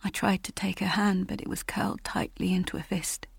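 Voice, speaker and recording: A woman narrating an audiobook in the first person, measured, dropping to a hush in tense passages. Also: medium pitch, flat delivery, vocal fry, husky, dry recording, whispered.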